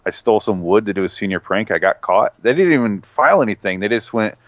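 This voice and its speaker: A man's voice: fairly low pitch, expressive, fast, no room sound, highs cut off. A man hosting a podcast, talking bluntly and swearing through opinions. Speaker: podcast host. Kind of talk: casual chat.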